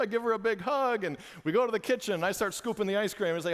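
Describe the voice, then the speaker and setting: A man and father giving an animated church presentation to parents, repeating phrases for emphasis, in a church hall. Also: high voice, racing, few pauses.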